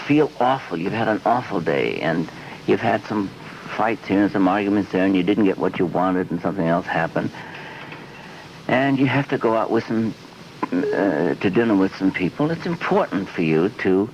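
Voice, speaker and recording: Low-voiced man in his fifties, lively and rambling; muffled 1970s archive sound. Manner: rambling, animated, acts out quotes in voices. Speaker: interview guest. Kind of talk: off-camera television interview. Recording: dull lo-fi 1970s archive audio with faint hiss.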